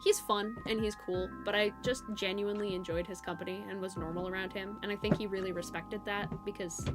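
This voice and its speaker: A young woman streamer chatting casually with her viewers and telling a story. She is animated and laughs often, jumping from loud bursts to mumbled asides. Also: mid-range voice, fairly quick. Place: home streaming setup. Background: faint background music.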